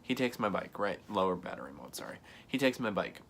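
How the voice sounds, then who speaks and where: A young man telling a story in a vlog, animated, often acting out other people's lines and filling his talk with "like". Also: deep voice, brisk, slight background noise. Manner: frequent "like" fillers, laughs between lines. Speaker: vlogger.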